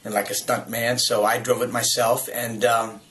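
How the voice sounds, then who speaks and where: A man in his forties from the United States, an actor telling lively anecdotes in a casual video message, chuckling and restarting his sentences often. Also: medium pitch, normal speed.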